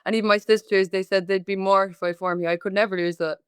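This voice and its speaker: A woman's voice: medium pitch, fairly even intonation, fast, clean tone, dry recording, studio quality. A young woman in her twenties with a Cork Irish accent, chatting casually as a podcast guest, with lots of filler words. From Ireland. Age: 20s. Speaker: guest, college basketball player. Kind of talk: casual interview chat.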